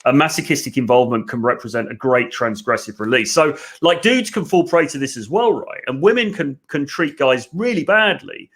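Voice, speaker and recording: A man hosts a relaxed podcast chat about a book, with a voice pitched in the middle range. He talks with animated energy and keeps throwing "right?" at his guests. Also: brisk, hardly any pauses. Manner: animated, conversational, frequent "right?" asides. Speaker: podcast host. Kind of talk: casual discussion of a book.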